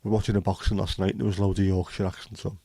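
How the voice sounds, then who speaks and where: A man's voice: low voice, flat delivery, very fast, vocal fry, dark tone, no echo. A man, hosting a casual livestream and chatting with viewers in a joking way. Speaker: livestream host.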